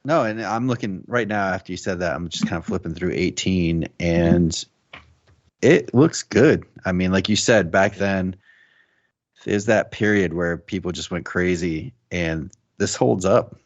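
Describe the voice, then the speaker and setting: Casting note: male podcast host, very deep voice, relaxed rambling chat, dry and dull lo-fi sound. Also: unhurried, dry recording. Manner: relaxed, rambling, many ums.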